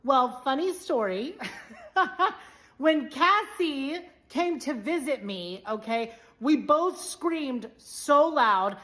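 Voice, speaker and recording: A woman's voice: high-pitched, animated, fairly bright tone. A woman talking in an effusive, rambling way in a casual social media video. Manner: effusive, rambling, talks fast.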